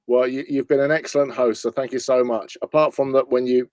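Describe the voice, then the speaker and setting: A man's voice: medium pitch, fairly quick, no echo. A man with a Manchester accent, a guest impressionist chatting and joking over a video call on a live stream. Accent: Mancunian. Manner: lively, joking, breaks into put-on voices. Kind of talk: casual chat on a live stream.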